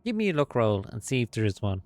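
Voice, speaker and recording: A man's voice: mid-range voice, big pitch swings, fast talker, no room sound. A man running a tabletop horror game as game master, casual and playful.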